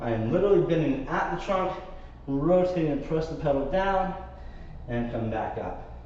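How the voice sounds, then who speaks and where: A Pilates instructor leads a live class in a warm studio, doing the moves himself while he counts reps and coaches, sometimes out of breath. His voice is on the high side and expressive, a little mellow, at a normal speed. The recording sounds echoey, distant and slightly muffled.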